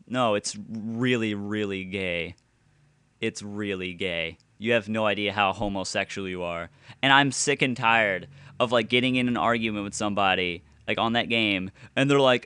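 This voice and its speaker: Man, ranting at video games, frustrated and foul-mouthed, average pitch, smooth clean tone. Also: normal speed, no echo. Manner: exasperated, with sudden loud outbursts. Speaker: gaming video ranter. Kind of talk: profane angry rant.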